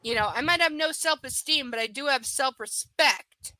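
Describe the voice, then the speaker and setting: A woman's voice: high-pitched, moderate pace, bright, forceful tone, rough recording. A woman reading a romance novel aloud to a live audience, breaking off for frank, profane asides. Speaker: live book reader. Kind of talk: live reading with blunt commentary.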